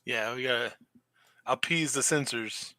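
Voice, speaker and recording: A man co-hosting a casual live stream, jokey and quick to laugh. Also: mid-range voice, sharp tone, dry recording. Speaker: co-host.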